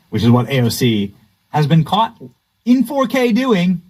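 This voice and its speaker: A man's voice: fairly high pitch, wildly swooping pitch, a little slow, a little mellow, poor audio. A man hosting political commentary, sarcastic and mocking. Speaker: commentary host.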